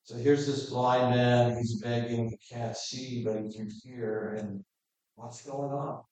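A man's voice: mid-range voice, fairly even intonation, takes it slowly, a little mellow, recorded from a distance. Male pastor, casual verse-by-verse preaching, off-mic in a very live, echoey room. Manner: conversational, plainspoken, reads scripture aloud then explains. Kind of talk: verse-by-verse sermon.

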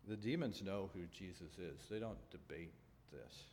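A man preaching a sermon as pastor to a congregation, earnest and measured, pausing and restarting as he explains a scripture passage. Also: low voice, darkish tone. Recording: long reverb, faint background noise.

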